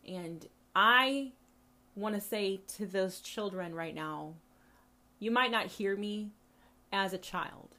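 Profane, impassioned woman preaching. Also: medium pitch. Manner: emphatic and profane, with repetitions, prayerful asides. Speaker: podcast host. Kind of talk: impassioned spoken sermon monologue.

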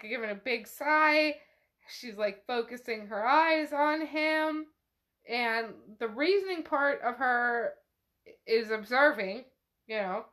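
Slow-talking woman recapping a novel. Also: high voice, fairly bright tone. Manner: chatty, swears freely, retells scenes with "she's all". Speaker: podcast host. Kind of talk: casual book recap.

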